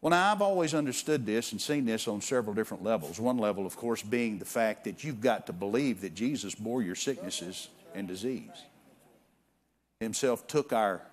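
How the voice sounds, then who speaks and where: A man's voice: lowish voice, expressive, normal speed. A man preaching as a guest pastor in a church, talking casually, often restarting and repeating words, and reading scripture aloud with emphasis. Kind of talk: sermon. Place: church sanctuary.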